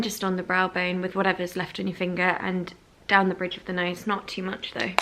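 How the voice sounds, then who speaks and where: Chatty young woman. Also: medium pitch. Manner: chatty and light, with frequent "like" and "um" and soft laughs. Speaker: beauty vlogger. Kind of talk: casual makeup tutorial chat. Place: home room by a window.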